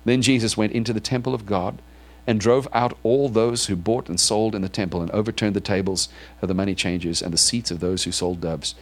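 A man's voice: lowish voice, brisk. A man preaching to his congregation in church, reading scripture aloud and then asking it probing questions. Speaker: pastor. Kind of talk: sermon.

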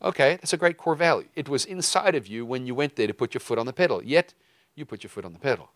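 Guy preaching a casual sermon, animated, does goofy voices, dry close sound. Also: medium pitch, quick pace, no room sound. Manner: lively, acts out quoted voices with jokey asides. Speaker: preacher teaching a lesson. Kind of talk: conversational teaching sermon.

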